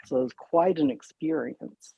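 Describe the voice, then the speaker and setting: A man's voice: on the high side, normal speed, gravelly, slightly rough, no echo. A man in casual chat, speaking bluntly and matter-of-factly. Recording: dull, dry lo-fi audio.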